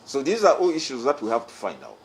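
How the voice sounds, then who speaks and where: A man's voice: mid-range voice, huge pitch swings, quick pace, very noisy. Formal Ugandan man addressing the press. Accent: Ugandan English. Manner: formal, emphatic, repeats key phrases. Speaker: electoral commission chairman. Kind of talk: press conference statement.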